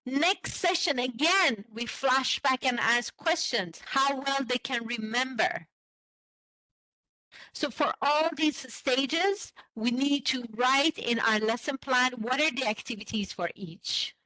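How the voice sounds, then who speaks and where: Slow, bright-voiced woman teacher trainer. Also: high voice, no echo, rough recording. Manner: slow, explanatory, asks the class questions. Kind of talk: online teacher-training lesson.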